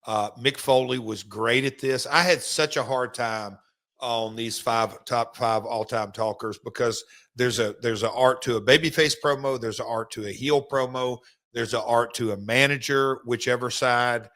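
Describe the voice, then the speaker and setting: Bright-voiced man rambling emphatically. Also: medium pitch, steady tone, moderate pace. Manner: rambling, emphatic storyteller with many restarts. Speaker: podcast host, former wrestler. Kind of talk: casual podcast chat.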